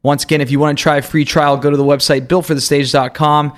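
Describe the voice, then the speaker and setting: A man's voice: a little high, flat delivery, fast. Upbeat male podcast host. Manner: upbeat, promotional. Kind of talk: casual chat and scripted sign-off.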